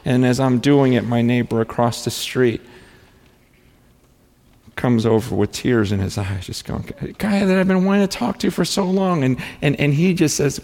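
A man preaching as a pastor, telling stories in an animated way with frequent restarts and stammers. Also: medium pitch, moderate pace, creaky, big-room sound. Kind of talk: storytelling sermon.

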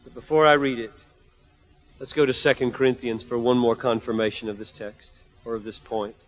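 A man's voice: medium pitch, steady tone, brisk. A man preaching a sermon, reading scripture and building to emphatic, repeated outbursts. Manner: emphatic, repetitive, rising to fervent outbursts.

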